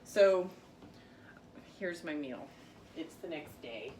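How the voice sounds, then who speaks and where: Middle-aged woman vlogger, lowish voice, chatty storyteller, faint background hiss. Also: lively intonation, slow pace, darkish tone. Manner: chatty, self-conscious, with frequent fillers. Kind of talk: casual storytelling to camera.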